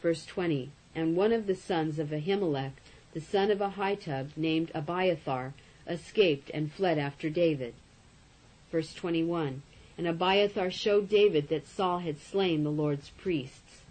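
Husky low woman reading scripture. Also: a little slow, darkish tone, rough recording. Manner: announces verse numbers and reads punctuation aloud. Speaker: scripture reader. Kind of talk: reading Bible verses aloud.

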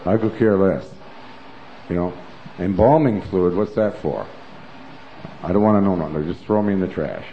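A man's voice: low-pitched, a little hiss or hum. A man giving an emphatic, rambling personal testimony as a preacher, full of asides like "you know". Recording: roomy, dull lo-fi recording.

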